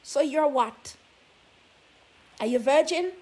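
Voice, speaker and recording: Sassy high-voiced woman scolding. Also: takes it slowly, darkish tone. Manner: scolding, sassy rhetorical questions. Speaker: vlogger giving relationship advice. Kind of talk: preachy talk to camera.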